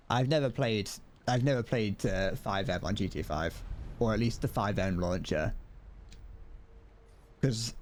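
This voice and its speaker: A man's voice: lowish voice, a little hiss or hum. Rambling young man streaming a game. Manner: rambling, self-deprecating, frequent laughs and restarts. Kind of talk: casual gameplay commentary.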